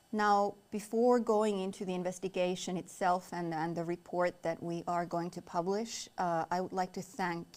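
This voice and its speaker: A woman from Finland, a native Finnish speaker, presenting a safety investigation at a formal briefing, measured and pausing on fillers. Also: lowish voice, a little mellow. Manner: measured, with frequent filler pauses. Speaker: head of communications presenting an investigation.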